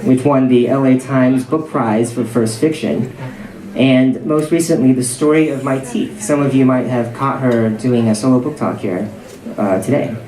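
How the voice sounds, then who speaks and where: A man's voice: medium pitch, fairly even intonation, moderate pace, warm tone. A man hosting a literary event, reading a formal introduction with a few fillers. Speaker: event host. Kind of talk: introducing a speaker. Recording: echoey room.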